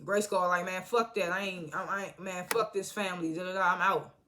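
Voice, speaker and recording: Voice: mid-range voice, steady tone, fairly quick, noisy background. A TV reviewer giving a loose, slangy recap of an episode, acting out the characters' lines and laughing often.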